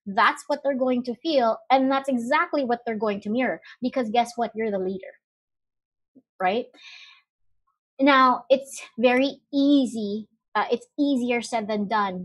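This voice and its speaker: A woman's voice: a little high, fairly bright tone. A woman presenting a live webinar, talking casually with many fillers and rhetorical questions. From Philippines. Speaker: webinar speaker.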